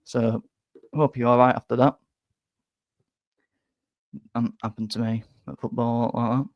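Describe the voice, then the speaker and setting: A young man hosts a casual football fan live stream and answers viewer comments. He rambles and stumbles, often repeating words as he goes. His voice sits at an ordinary middle pitch, and the recording is dry and close. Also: level tone, unhurried, no echo, highs cut off. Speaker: fan channel host.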